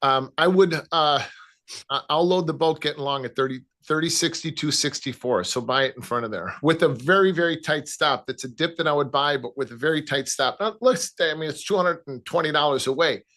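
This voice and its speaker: A man with a Chicago accent, casually talking through gold price levels as a trading analyst, with many halting restarts. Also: a little high, bright, forceful tone. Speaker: futures trading guest analyst. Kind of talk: casual market talk.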